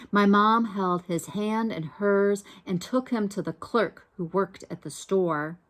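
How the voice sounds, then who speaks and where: A woman reading a children's picture book aloud in a gentle, unhurried way, pausing to ask her listeners questions. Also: fairly low pitch. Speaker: storybook reader.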